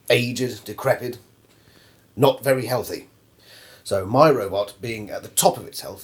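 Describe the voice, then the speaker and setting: A man voicing a smug, boastful male robot contestant with a pompous manner and a deep voice. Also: close to an everyday voice. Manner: pompous, sore loser muttering accusations.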